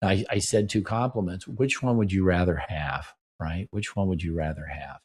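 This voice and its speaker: A man's voice: sits low, normal speed, darkish tone, slightly rough. A middle-aged man hosting a relationship advice show, speaking earnestly and acting out little sample conversations between partners. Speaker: relationship talk show host. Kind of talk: radio-style advice talk.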